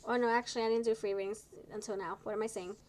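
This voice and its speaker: A woman doing a live tarot reading, chatty and encouraging, tired and low on energy, stumbling over her words now and then. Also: steady tone, racing, darkish tone, a little hiss or hum, rough recording. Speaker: tarot reader.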